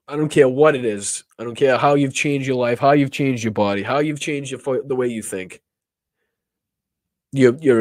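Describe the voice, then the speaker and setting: A man's voice: mid-range voice, moderate pace, a little mellow, no room sound, clean studio sound. A man hosting a political show, giving impassioned, profanity-laced commentary and repeating words as he gets emotional. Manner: heated, profane, repeats words when worked up. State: emotional, near tears.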